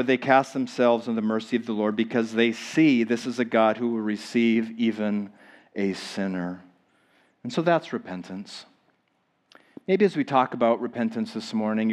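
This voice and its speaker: A man preaching a sermon as a pastor, earnest and repetitive, swinging between emphatic rises and quiet drops. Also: medium pitch.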